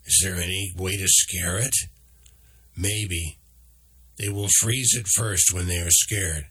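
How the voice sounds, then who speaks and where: A small, knowing creature guide , voiced by a man in his own deep, husky voice, explaining dangers slowly and patiently. The storybook delivery stays low and unhurried. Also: full character voice. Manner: calm, patient, instructive.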